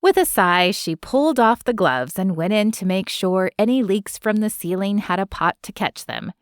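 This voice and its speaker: In this scripted romance narration, a mid-range female voice keeps an even, measured storytelling pace. The recording is dry and of studio quality.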